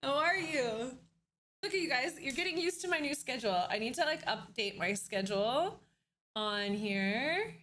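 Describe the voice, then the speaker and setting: Chatty high-voiced young woman streamer. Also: expressive, normal speed, fairly bright tone. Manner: chatty, laughs often, greets viewers. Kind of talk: casual live-stream chat.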